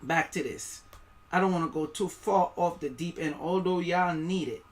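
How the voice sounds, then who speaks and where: A man with a West Indian accent and a fairly high voice gives rambling, preachy commentary on a live stream at a moderate pace. He reads aloud and stumbles over words as he goes.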